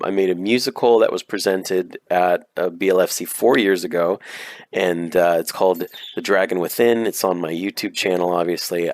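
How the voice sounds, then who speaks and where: A man's voice: low-pitched, no echo. A man from the United States hosting a casual podcast chat, joking, laughing often and rambling loosely. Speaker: podcast host.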